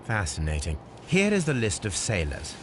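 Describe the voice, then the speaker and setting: An actor playing a calm, sardonic male detective, speaking in a dry, measured way. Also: lowish voice, slight background noise.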